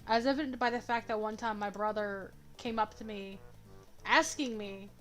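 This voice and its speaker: A woman's voice: mid-range voice, steady tone, normal speed, a bit bright. A young woman chatting casually to herself and her viewers while drawing live, rambling and joking as she greets chat. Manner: rambling, self-talking, jokey, greets chat. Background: faint background music.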